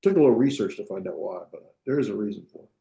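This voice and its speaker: A man's voice: fairly low pitch, animated, very fast, creaky, dark tone. A man teaching a Biblical Hebrew grammar class, explaining step by step, thinking aloud and checking in with his students. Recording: echoey classroom.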